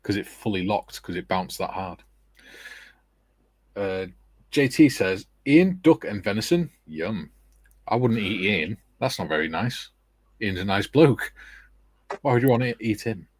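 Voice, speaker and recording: Husky man hosting a hobby stream. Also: fairly low pitch, lively intonation, unhurried, pauses often, no echo. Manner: reads out viewer comments, jokey banter. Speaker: livestream host and scale modeller. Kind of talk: casual livestream chat.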